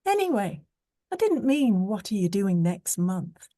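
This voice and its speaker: A woman voicing a teasing, sharp-tongued young woman in an audiobook reading, playful and mocking. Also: medium pitch, very animated, measured pace, no room sound, clean studio sound.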